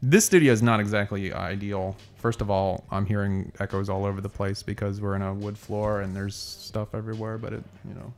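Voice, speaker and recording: A man's voice: on the low side, fairly even intonation, brisk, few pauses. Dry, teasing male podcast host. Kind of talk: casual chat. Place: small studio with wood floor. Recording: echoey room.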